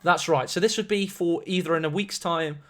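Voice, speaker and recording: A man's voice: a little high, fairly quick. A man casting a strategy-game match on a live stream, chatty and rambling with self-mocking asides. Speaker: esports caster.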